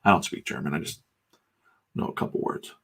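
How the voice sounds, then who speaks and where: Here the comics artist and channel host, a middle-aged man from the US, chats loosely while drawing, candid and occasionally cursing. He talks a little fast in a somewhat bright voice.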